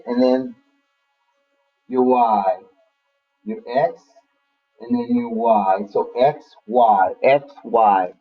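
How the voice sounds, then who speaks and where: A man's voice: on the high side, dull audio. A man teaching a math lesson to a class online in a casual, friendly way, calling on students by name.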